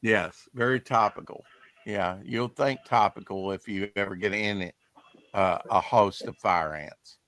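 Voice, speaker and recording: A man hosts a casual podcast about comic art, chatting in a rambling way. His voice is bright and forceful, and the sound is dry and close. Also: on the low side, a little slow, no room sound. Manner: chatty, rambling, reads promos aloud. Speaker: podcast host.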